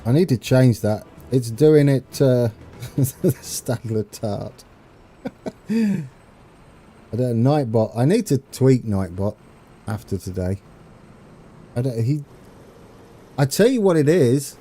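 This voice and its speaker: A man's voice: mid-range voice, expressive, takes it slowly, long pauses, dark tone, slightly rough. A man from the UK chatting casually with viewers on a live stream while playing a train game, rambling and chuckling as he reads chat. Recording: faint game music behind.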